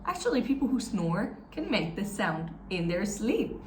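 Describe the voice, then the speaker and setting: A woman's voice: mid-range voice, big pitch swings, moderate pace, darkish tone, echoey room, slight background noise. A woman, a teacher giving an encouraging, step-by-step pronunciation lesson and having learners repeat after her. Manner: encouraging, demonstrates sounds and has learners repeat. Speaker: German language teacher.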